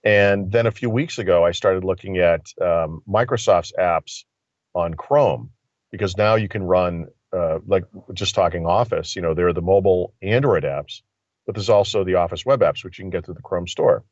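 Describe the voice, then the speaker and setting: Deep-voiced man rambling on a phone line. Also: normal speed, no room sound. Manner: rambling, thinking aloud with many fillers. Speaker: tech commentator. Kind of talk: casual tech chat. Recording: dull lo-fi phone audio.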